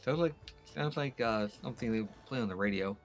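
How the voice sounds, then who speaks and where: An easygoing man with a mid-pitched voice, chatting casually as he plays a game with friends. Game music is clearly audible behind him. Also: a little fast. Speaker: co-player. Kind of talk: casual gaming chat.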